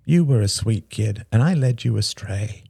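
A man's voice: lowish voice, expressive, gravelly, mellow, breathy edge, dry recording, studio quality, pitched below the performer's own voice, full character voice. A man voicing a jittery, sardonic young woman. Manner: rapid, restless, sardonic rambling. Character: jittery, brash young woman with a sharp tongue. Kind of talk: audiobook character reading.

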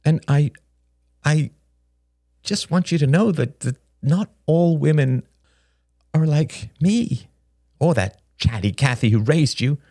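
A man's voice: on the high side, lively intonation, vocal fry, mellow, no echo, clean studio sound, full character voice. A man voicing a jittery, sardonic young woman. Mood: pleading. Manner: rapid, restless, sardonic rambling. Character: jittery, brash young woman with a sharp tongue. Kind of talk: audiobook character reading.

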